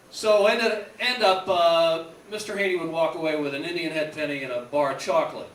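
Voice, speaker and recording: A man rambling through a nostalgic stand-up bit on a club stage, his speaking voice sitting high. The recording is roomy and distant. A faint background hiss runs under it. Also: a little fast, hardly any pauses, a bit bright. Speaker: radio host doing stand-up. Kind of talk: stand-up comedy.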